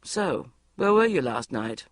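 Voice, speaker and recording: A woman's voice: low voice, sing-song, measured pace, dry recording, pitched below the performer's own voice, heavily acted. A woman voicing a cool, dry-witted male barrister who speaks icily and casually. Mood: icy, teasing. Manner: icy, casual, teasing.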